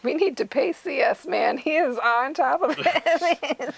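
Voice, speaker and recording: A woman's voice: high-pitched, normal speed, creaky, dry recording, rough recording. A woman co-hosting a livestream, reading viewer comments aloud and giggling often. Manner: giggly, reads out chat comments. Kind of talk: casual livestream chat.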